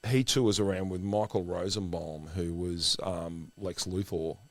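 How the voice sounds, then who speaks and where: A middle-aged man co-hosting a podcast, telling anecdotes in an animated way. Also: low-pitched, a little slow, no echo. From Australia. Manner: animated storyteller, acts out quoted voices. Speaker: podcast co-host. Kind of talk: casual chat, anecdotes.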